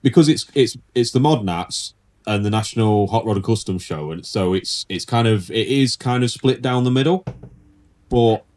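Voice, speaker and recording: Man, podcast co-host, casual rambling chat, lowish voice. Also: normal speed, a little mellow. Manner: rambling, laughs often, restarts.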